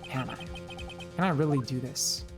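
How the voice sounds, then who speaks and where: A woman voicing an earnest, nervous but determined young male defense lawyer in her own low voice. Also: moderate pace, music in the background. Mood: nervous, resolved.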